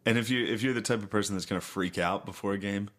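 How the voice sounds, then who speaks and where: A man co-hosting a comedy podcast, telling stories, laughing easily and shouting out other people's lines. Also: on the low side, steady tone, fast talker. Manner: storytelling, laughs easily, loud bursts when acting out people. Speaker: podcast co-host. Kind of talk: casual comedy podcast chat.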